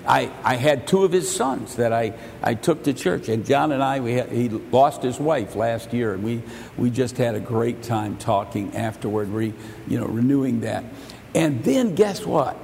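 A male pastor preaching a sermon. He stumbles over repeated words and swings between loud and soft. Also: mid-range voice, expressive, moderate pace, vocal fry, in a large hall, slight background noise. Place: church sanctuary.

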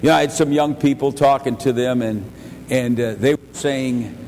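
A man's voice: medium pitch, moderate pace, long reverb tail, a little hiss or hum. An older man preaching a sermon as pastor, telling folksy family stories and pushing his voice up for emphasis. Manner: folksy storytelling, chuckles, bursts louder for emphasis.

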